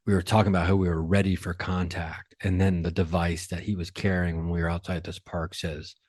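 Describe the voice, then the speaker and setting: A man with a low-pitched voice tells a story in a loose, casual way. He gets excited and talks in quick bursts. The sound is dry and close, with no room echo. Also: slightly rough. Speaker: podcast host and comedian.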